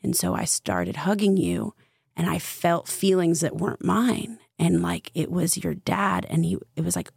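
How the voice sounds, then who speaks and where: A woman with a low, gravelly voice recounts a personal experience in a relaxed podcast chat. She speaks earnestly and leans on the word "like" throughout. The sound is close and dry, with no room echo. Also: normal speed. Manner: earnest, heavy use of filler "like". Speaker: podcast guest, spiritual coach. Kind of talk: casual storytelling conversation.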